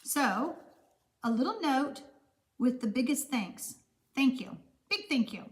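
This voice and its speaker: High-voiced Texan woman live-streaming. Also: sing-song, takes it slowly. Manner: warm, gushing, rambling with fillers. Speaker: card-making live stream host. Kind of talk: chatty live stream, reading viewer comments aloud.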